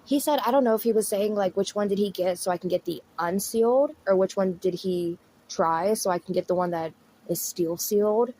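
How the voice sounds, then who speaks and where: A woman's voice: medium pitch, fairly quick, mellow, slight background noise. A woman chatting casually and laughing often as she comments on a clip. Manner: chatty, giggly, slangy. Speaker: commentary YouTuber.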